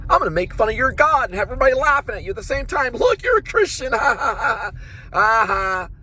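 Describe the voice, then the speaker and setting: A man's voice: very high voice, big pitch swings, fast talker, pushed and bright, voice pushed up, full character voice. A man impersonating a smug female comedian in a taunting sing-song voice. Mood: mocking.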